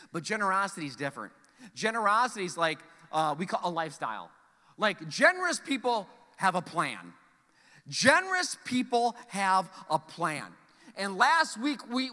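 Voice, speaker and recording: A man in his forties preaching a sermon to his congregation, animated and joking, acting out the voices in his stories. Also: sits high. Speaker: pastor. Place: church sanctuary. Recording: long hall reverb from church sanctuary.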